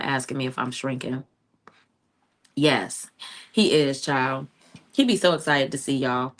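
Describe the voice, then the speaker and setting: A middle-aged woman speaks in a low voice. She chats with her livestream audience in a casual, familiar way. She calls them "child" and "honey.". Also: fairly bright tone. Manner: chatty, talks to viewers, says "child" and "honey". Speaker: livestream host.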